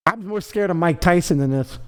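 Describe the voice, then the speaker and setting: A young man co-hosting a podcast in casual chat, loud and jokey, voicing animals in slang. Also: high voice, brisk, clear, resonant tone. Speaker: podcast co-host.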